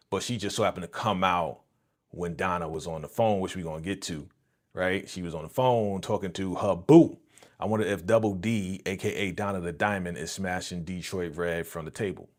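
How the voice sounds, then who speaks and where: Slangy, laughing male livestream host. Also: deep voice. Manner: casual slangy chatter, laughs often. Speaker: streamer host. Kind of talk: live reaction stream.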